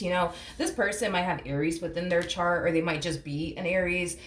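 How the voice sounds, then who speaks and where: Woman, tarot reader, casual chat, blunt, swears a lot, lowish voice, echoey room. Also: brisk, few pauses. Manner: chatty, blunt, swears freely; acts out imagined reactions in quotes. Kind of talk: casual tarot reading to camera. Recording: echoey room with faint hum.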